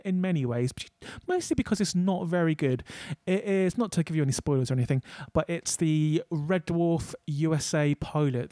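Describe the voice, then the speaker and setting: A man co-hosts a podcast, talking casually with a mellow, darker voice. He jokes a lot and often trips over and restarts his sentences. The recording is dry and close. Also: a little high, dry recording. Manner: chatty, stumbling restarts, jokey. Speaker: podcast co-host. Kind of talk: casual chat.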